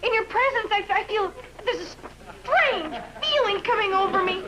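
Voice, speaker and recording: An actress in a 1960s sitcom playing a wisecracking, ditzy Navy Wave. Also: female voice, very high voice, expressive, moderate pace. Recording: noisy old TV soundtrack.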